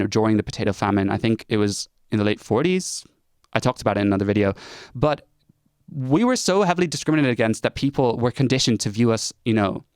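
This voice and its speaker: A young Irish man telling a casual storytime rant to camera, chatty and animated, slipping into mocking impressions. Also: mid-range voice, clean tone, no room sound, clean studio sound. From Ireland. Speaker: vlogger.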